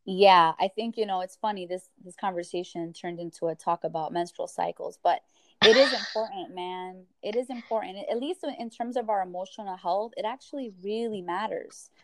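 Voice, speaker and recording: Low-voiced woman therapist, dry close sound. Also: a little fast, hardly any pauses, no echo. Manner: earnest, reflective, many fillers like "you know". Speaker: psychotherapist guest. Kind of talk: casual podcast conversation.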